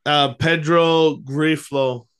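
A man's voice: fairly high pitch, steady tone, extremely slow, a bit bright, clear, resonant tone. A young man co-hosting a podcast, chatting casually about baseball with easygoing ums and restarts. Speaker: podcast co-host. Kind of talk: casual sports chat.

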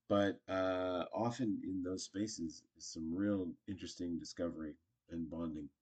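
Low husky man teaching improv. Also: fairly even intonation, moderate pace, darkish tone. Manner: chatty, acts out short example lines. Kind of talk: casual instructional talk.

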